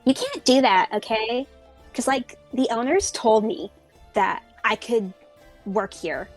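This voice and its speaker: A woman's voice: on the high side, soft background music. A sulky teenage girl behind a tavern counter, whining and talking back in a raised voice, as a woman puts her on. She drags out her complaints with a sarcastic edge. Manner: whiny, sarcastic, drawn-out complaints.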